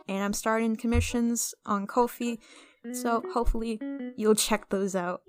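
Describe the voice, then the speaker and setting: A young woman talking casually and excitably as she vlogs over a speedpaint, rambling with restarts and asides. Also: mid-range voice. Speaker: artist vlogger.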